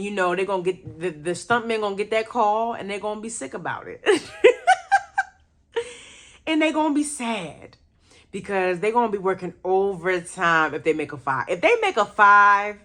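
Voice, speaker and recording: Animated woman host with lively pitch. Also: normal speed. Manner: animated, laughing and exclaiming, reacting to chat comments. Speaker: radio host reviewing movies. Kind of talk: casual livestream chat with viewers.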